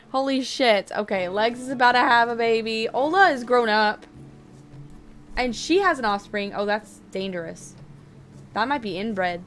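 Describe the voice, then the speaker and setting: A young adult woman giving casual, chatty gameplay commentary, excitable and quick to get frustrated. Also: mid-range voice. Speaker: video game streamer.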